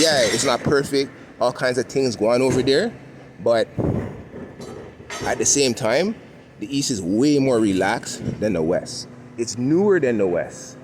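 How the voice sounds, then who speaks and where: A man with a Toronto accent rants casually as he walks down a city street, his voice at an ordinary pitch. He talks in loose street slang and keeps checking in with "you know what I mean". Traffic rumbles clearly behind him. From Toronto, Canada. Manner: laid-back street slang, lots of "you know what I'm saying". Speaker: vlogger. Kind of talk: casual walking vlog rant. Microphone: handheld camera while walking. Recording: street noise from passing vehicles. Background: traffic and street ambience.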